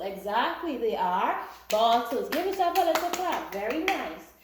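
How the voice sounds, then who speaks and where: Animated woman teacher, echoey classroom. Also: high voice. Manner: animated, encouraging sing-song praise. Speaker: primary school teacher. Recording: echoey room.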